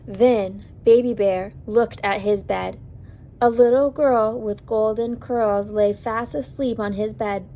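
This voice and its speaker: A woman reading a picture book aloud to children in an expressive way, pausing to ask the listener questions. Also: a little high, muffled recording.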